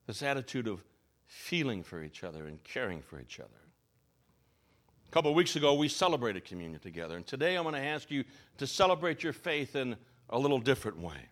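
A male pastor preaching a sermon, telling a story with expressive, rising and falling delivery and slow, emphatic phrases. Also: medium pitch.

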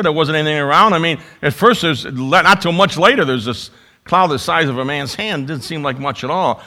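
A man preaching a sermon, swinging between loud emphasis and quiet asides. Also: on the high side. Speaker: pastor.

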